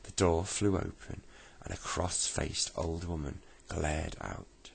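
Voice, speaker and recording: A man reading a children's bedtime story aloud as its narrator, at a slow and gentle pace. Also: deep voice, gravelly, husky.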